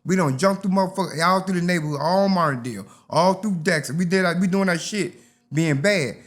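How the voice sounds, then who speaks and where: Man, older, animated storyteller, interview guest. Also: high voice, a little fast. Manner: animated, acts out voices in his stories.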